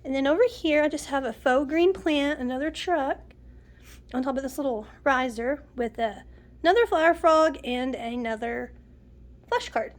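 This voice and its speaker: Middle-aged woman, stuffy nose from a cold, chatty and homey, slightly high voice, casual house tour. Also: normal speed. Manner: chatty, homey, lists items one by one. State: nasal from a cold, sniffling. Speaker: home decor vlogger. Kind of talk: casual home tour narration.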